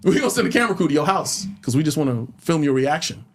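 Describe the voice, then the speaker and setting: A man's voice: fairly high pitch, sing-song, fast talker. A man telling a profane, laugh-filled anecdote as an interview guest, acting out the dialogue. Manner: profane, acts out quoted dialogue, laughs often. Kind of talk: storytelling anecdote.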